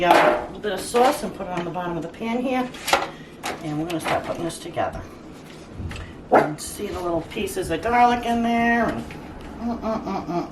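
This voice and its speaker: A woman's voice: medium pitch, very noisy. Chatty woman cooking in an echoey kitchen. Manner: chatty, joking, homey. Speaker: home cooking host. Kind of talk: casual cooking demonstration. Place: home kitchen. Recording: echoey kitchen, mic at a distance, cooking clatter.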